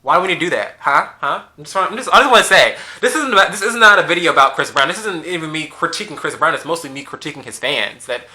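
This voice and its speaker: A man delivers a ranting commentary, emphatic and sassy, hammering the same rhetorical questions again and again. His voice sits fairly high and sounds very bright and cutting. His mouth is still a little swollen from wisdom teeth removal. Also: expressive, quick pace, hardly any pauses. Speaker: YouTube commentator. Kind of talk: ranting social media commentary.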